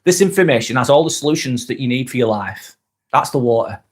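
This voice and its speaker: A man's voice: medium pitch, animated, fast, husky. A man hosting a live motivational vlog, chatting bluntly and casually with viewers, swearing freely and repeating his points for emphasis. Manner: talks while eating a snack. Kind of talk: live motivational chat reading viewer comments.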